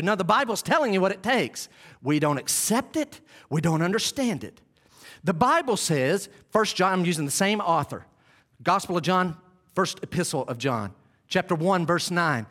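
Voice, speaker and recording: Lively high-pitched male preacher. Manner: emphatic, reads scripture slowly. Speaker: pastor. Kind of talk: sermon. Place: church before a live congregation.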